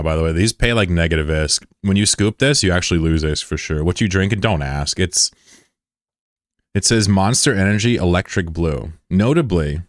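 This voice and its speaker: Deep-voiced sarcastic young man streaming. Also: no echo, clean studio sound. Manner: joking, sarcastic, rambling. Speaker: game streamer. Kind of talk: casual livestream chat.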